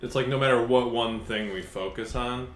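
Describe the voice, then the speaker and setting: A man's voice: medium pitch, moderate pace. A man co-hosting a podcast, chatting casually and rambling about games, with frequent swearing. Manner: relaxed, rambling gamer talk with frequent swearing. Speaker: podcast co-host. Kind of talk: casual chat. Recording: roomy echo with faint ambient noise.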